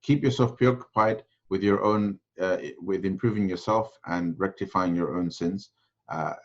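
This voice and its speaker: Low, husky male religious teacher. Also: normal speed, muffled recording. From Sylhet, Bangladesh. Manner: conversational, storytelling, frequent restarts. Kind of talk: informal lecture with anecdotes.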